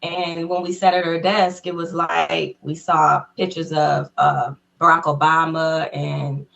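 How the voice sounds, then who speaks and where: This is a woman with a somewhat low-pitched voice, chatting as a guest in an interview. She tells her story eagerly and casually, with frequent laughs, and acts out each quote in a raised voice. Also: little pitch movement, measured pace, gravelly, a bit bright, lo-fi sound. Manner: laughs often between phrases.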